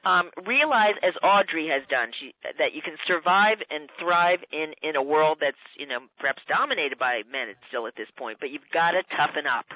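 A woman's voice: low-pitched, lively intonation, moderate pace, few pauses, no room sound. A woman speech coach giving methodical, instructive advice in a radio interview. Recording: tinny phone line, dry.

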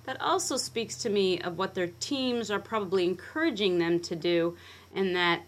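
Brisk woman guest on a talk show. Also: mid-range voice. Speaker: guest expert. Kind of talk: radio talk discussion.

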